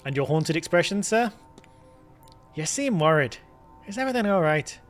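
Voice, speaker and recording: A man's voice: fairly high pitch, sing-song, moderate pace, faint music behind, pitched above the performer's own voice. A man voicing a polite, inquisitive male investigator in a game. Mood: concerned. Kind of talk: reading game dialogue aloud.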